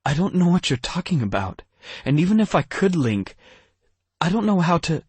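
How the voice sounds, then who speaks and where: A man's voice: animated, measured pace, a little mellow, husky, no room sound. A male narrator voicing a timid young elf woman who protests nervously in a raised voice. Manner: high, flustered, protesting.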